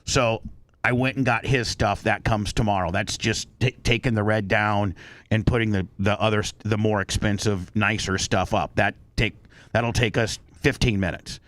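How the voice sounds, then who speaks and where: Blunt, animated male radio host. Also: fairly low pitch, normal speed. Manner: blunt, animated storytelling with profanity. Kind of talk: casual talk-show chat.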